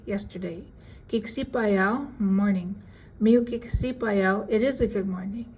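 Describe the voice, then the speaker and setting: A woman giving a casual language lesson, reading out word lists with their English meanings in a relaxed, chatty way. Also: mid-range voice, rough recording. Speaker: language teacher.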